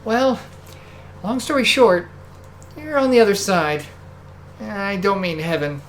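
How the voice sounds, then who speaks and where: A man's voice: high voice, slow pace, a little hiss or hum. A man voicing a sly spirit guide with a mock gangster accent.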